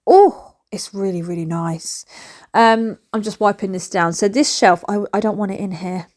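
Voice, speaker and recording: A woman, vlogging chattily and excitably from a bedroom at home while she tidies up. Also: medium pitch, moderate pace. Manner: excitable, rambling, chats while tidying.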